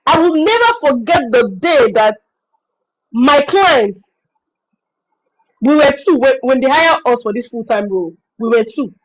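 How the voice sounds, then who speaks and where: High-voiced Nigerian woman, animated. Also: unhurried, long pauses, rough recording. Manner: animated, expressive storytelling. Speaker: virtual assistant trainer hosting a webinar. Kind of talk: informal teaching talk.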